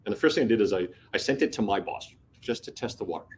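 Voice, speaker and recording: A man's voice: on the low side, lively intonation, fast talker, a little mellow, a little hiss or hum. A middle-aged man, giving a conference talk as a casual storyteller who acts out the quotes and swears freely. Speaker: conference speaker. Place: conference hall.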